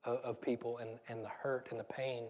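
A man's voice: medium pitch, flat delivery, brisk, darkish tone. A man in his thirties with a Southern US accent, preaching a casual, conversational sermon that rambles and turns self-deprecating. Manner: rambling, self-deprecating, laughs at own stories. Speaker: pastor. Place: church sanctuary. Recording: church hall with long reverb.

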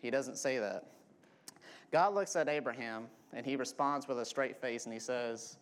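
Male preacher, sermon delivery at mid pitch, restates key lines, asks "okay?" often. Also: moderate pace, slight background noise.

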